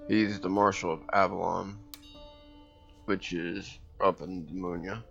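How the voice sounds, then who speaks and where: A man's voice: deep voice, fairly even intonation, a little slow, vocal fry, fairly bright tone, slightly rough, lo-fi sound, faint music behind. A man casually commenting on a strategy game as he plays, thinking aloud and reading game text, with hiccups now and then. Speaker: gameplay commentator. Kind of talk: casual let's-play commentary.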